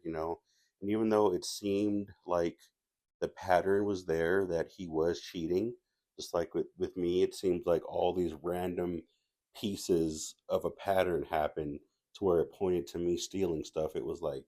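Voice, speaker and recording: A man's voice: deep voice, fairly even intonation, a little slow, warm tone. A man casually telling a personal story as a movie reviewer, rambling with restarts and asides.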